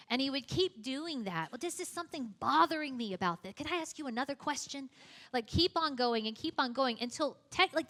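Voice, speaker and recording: Here a youth apologetics teacher, a young woman, speaks in a bright, somewhat high register. She keeps the lesson loose and talky, poking fun at herself and wandering into offhand asides often.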